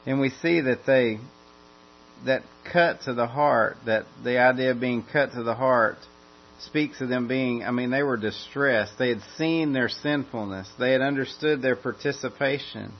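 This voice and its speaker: A man's voice: mid-range voice, a little slow. A man preaching an expository sermon, earnest, often restarting and repeating phrases as he builds emphasis. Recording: dull lo-fi sound with mains hum.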